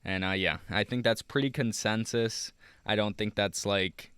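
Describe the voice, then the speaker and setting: A man's voice: fairly low pitch, fairly even intonation, normal speed, fairly bright tone, clean tone, dry recording. A man casually talking through a basketball mock draft over a screen recording, rambling with many fillers and restarts. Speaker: YouTuber.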